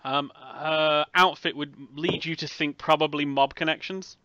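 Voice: medium pitch, fairly even intonation, unhurried, bright, forceful tone, dry recording. A game master narrating a tabletop role-play game, hesitating with ums and framing lines with "she says". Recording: dull lo-fi recording, dry.

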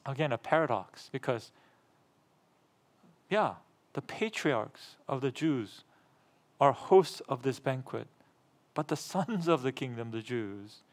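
A man's voice: lively intonation, slow. A middle-aged pastor preaching a sermon, repeating phrases for emphasis and asking the congregation questions, rising in volume when he reads scripture. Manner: gets louder and higher when reading scripture aloud.

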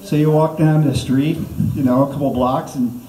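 A man's voice: fairly high pitch, fairly even intonation, normal speed, dark tone, a little hiss or hum. A man giving a jokey mock language lesson, rambling and restarting himself with constant okays. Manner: rambling, self-interrupting, lots of okays. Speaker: comedic language teacher. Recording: echoey room, distant mic.

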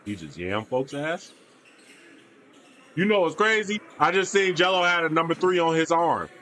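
A man's voice: on the high side, animated, normal speed, pushed and bright, slight background noise. Laid-back young man reacting to basketball. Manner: laid-back slangy banter, mumbles asides. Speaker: reaction video host. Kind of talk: casual reaction commentary.

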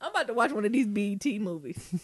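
A woman co-hosting a podcast, chatting casually in an animated, swearing, playful and teasing way. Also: medium pitch, fast talker, crowd noise. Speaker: podcast co-host. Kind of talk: casual chat.

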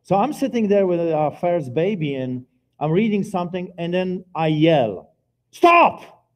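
A middle-aged man preaching a personal testimony at a church service, earnest and by turns quiet and forceful. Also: high voice, lively intonation, normal speed. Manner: earnest, swings between quiet and loud. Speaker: guest preacher giving testimony. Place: church sanctuary, live service.

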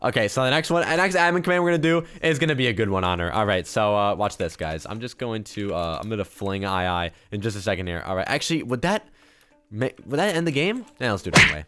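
A young man giving excited gameplay commentary, quick to yell and laugh, with loudness that swings fast. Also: fairly low pitch, clean tone. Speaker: gaming YouTuber.

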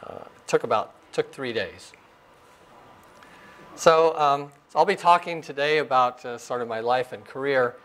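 A man in his sixties, raised in Arizona, giving a relaxed lecture about his career, full of fillers and small chuckles. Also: mid-range voice, a little slow. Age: 60s. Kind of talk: informal lecture. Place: lecture room.

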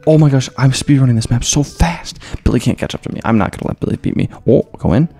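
A man giving excitable, jokey gameplay commentary as a gaming YouTuber, throwing in mock-Spanish phrases. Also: mid-range voice, fast, vocal fry, slightly rough.

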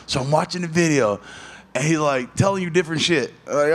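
Man, 30s, fighter at media day. Casual, profane, animated storyteller. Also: a little high, fairly quick. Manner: loose, profane storytelling with animated voiced asides.

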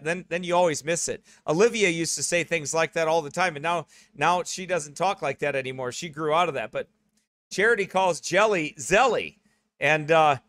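Brief: middle-aged US pastor, high bright voice, dry close sound, chatty and rambling. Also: male voice, dry recording. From United States. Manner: rambling, joking asides. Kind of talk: church announcements before a sermon.

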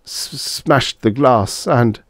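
A man's voice: medium pitch, slow, no room sound, clean studio sound, voice pushed up, close to an everyday voice. Guy doing a weepy sorry young husband, choked mutter. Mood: remorseful. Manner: choked, muttering between sobs. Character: remorseful young husband weeping.

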